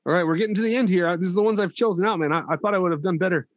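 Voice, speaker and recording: A man hosting a casual chat, prompting his guest with quick questions. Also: high voice, dry recording, dull audio. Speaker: podcast host.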